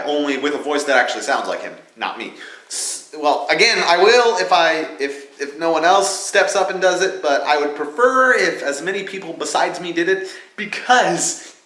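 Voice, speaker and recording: A young man hosting a casual vlog that calls for voice actors for his fan film, animated and jokey, dropping into put-on voices. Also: on the high side, normal speed. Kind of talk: casual casting-call vlog. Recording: echoey room with music behind.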